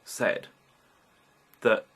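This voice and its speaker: A British vlogger in his fifties rambles through a candid personal vlog monologue, talking frankly and swearing casually along the way. He draws out his words, and his tone is fairly bright.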